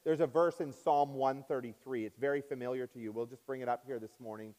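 A man preaching a sermon as pastor in a church, swinging up and down in pitch and loudness and stretching out key words. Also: steady tone, brisk, long reverb tail. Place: church sanctuary.

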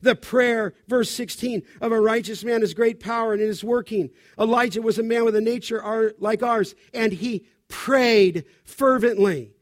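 A man preaching a sermon as pastor, urging the congregation on with sudden loud pushes and quieter asides. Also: sits high, steady tone, moderate pace, hardly any pauses, no room sound, studio quality. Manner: urgent exhortation, shifting between loud and quiet.

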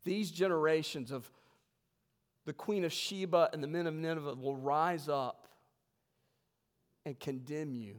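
A man preaching a sermon to his congregation, emphatic, swelling loud and then dropping low. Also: a little slow, long pauses, in a large hall. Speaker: pastor. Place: church sanctuary.

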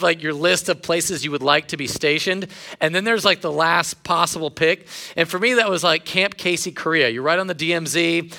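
A man's voice: on the high side, bright, forceful tone. A male pastor giving a sermon in a casual storytelling way, with self-deprecating humor.

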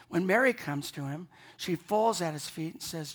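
A man's voice: a little high, lively intonation, normal speed, few pauses. Pastor, male, Easter sermon; earnest, emphatic delivery with restarts and repeated words. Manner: earnest, emphatic, repeats himself when building a point.

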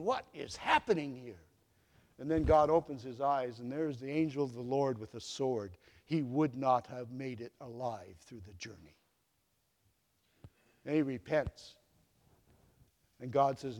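High-voiced male preacher in an echoing hall. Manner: storytelling, acts out the quoted dialogue with big swings in loudness. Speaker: pastor. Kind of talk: sermon.

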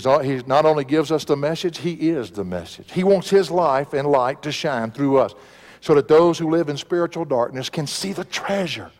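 Emphatic preacher in a reverberant church. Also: male voice, fairly high pitch. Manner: emphatic, swings between soaring and hushed. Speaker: pastor. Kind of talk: sermon. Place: church sanctuary.

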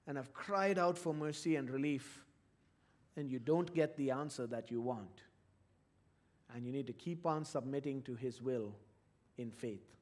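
A man with a high-pitched voice delivers a sermon. He preaches with earnest feeling, building to loud, stressed phrases and then sinking to soft, low ones. His tone speaks directly to the congregation as a pastor. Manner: earnest preaching, swings from loud emphasis to hushed low tones.

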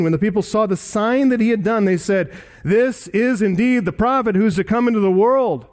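A male pastor delivers an expository sermon, reading scripture verses aloud and explaining them. His voice sits a little high for a man. He leans on key words with earnest emphasis. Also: darkish tone.

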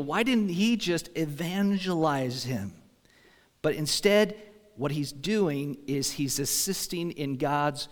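A man's voice: fairly high pitch, big-room sound. A man pastor giving a sermon, telling stories in a conversational way and asking the congregation questions.

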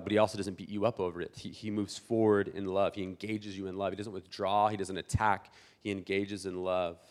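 A man in his thirties preaching a sermon as a pastor, animated and conversational, acting out church members and often restarting his words. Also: lowish voice. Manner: many restarts and repeated words.

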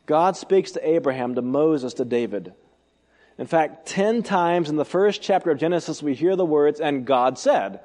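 A man preaching an expository sermon, emphatic, asking rhetorical questions and swinging between loud and soft delivery. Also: a little high, long reverb tail. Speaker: pastor.

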